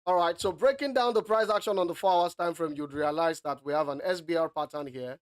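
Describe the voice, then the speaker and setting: A man's voice: fairly high pitch, brisk, clear, resonant tone. Playful man giving live market analysis. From Africa. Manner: playful and teasing, peppers speech with "all right".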